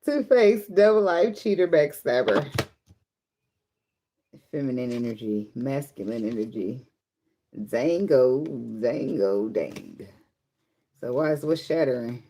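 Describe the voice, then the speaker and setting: A woman giving a casual tarot reading, joking and swearing freely and singing along softly between cards. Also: rumbling low, lively intonation, slow, long pauses. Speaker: tarot reader.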